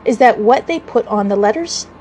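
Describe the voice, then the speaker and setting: A woman's voice: fairly high pitch, expressive, normal speed, warm tone, a little hiss or hum, natural voice. A woman voicing a prim, proper young girl who talks a little patronizingly, in a storybook reading.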